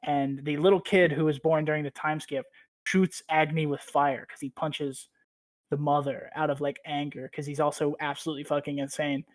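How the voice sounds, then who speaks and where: A man with a somewhat high voice hosts a podcast and recaps a story in loose, rambling chat. He swears freely and fills his talk with "like". The sound is dry and close, with no room around it. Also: flat delivery, moderate pace, no echo. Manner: rambling, profane, heavy use of "like". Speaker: podcast host.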